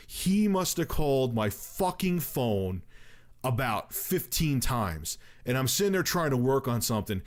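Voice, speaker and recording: A man in his thirties recounts a long, winding story in a casual, profane way. He jumps into acted-out quotes as he goes. His voice sits at an ordinary middle pitch. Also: big pitch swings, moderate pace. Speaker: storyteller on a livestream.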